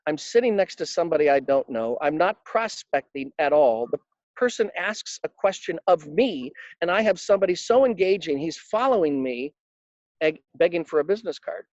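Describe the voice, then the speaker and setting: A man's voice: on the high side, no echo. Emphatic storytelling man, dull lo-fi audio. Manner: emphatic, animated anecdote telling with acted-out quotes. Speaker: interview guest, financial advisor coach. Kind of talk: conversational interview storytelling.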